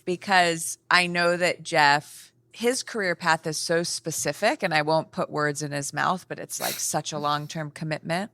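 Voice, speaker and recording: A woman hosting a podcast interview, talking warmly and openly with her guest. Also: low-pitched, a little slow, few pauses, no echo. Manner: warm, openly emotional. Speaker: podcast host. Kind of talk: casual interview.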